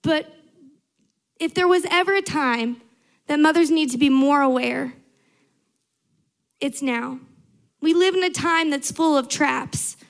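Earnest high-voiced young woman preaching. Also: takes it slowly, creaky, long pauses. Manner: earnest, emphatic repetition. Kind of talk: sermon.

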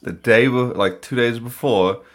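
A man's voice: mid-range voice, a little slow, fairly bright tone. A man co-hosting a casual podcast, telling an anecdote with lots of swearing. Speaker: podcast co-host. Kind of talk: casual storytelling among friends.

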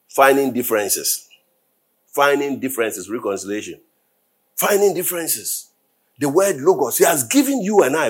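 A man preaching a sermon, repeating questions to his listeners and swelling into loud, drawn-out scripture readings. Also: mid-range voice, slightly rough.

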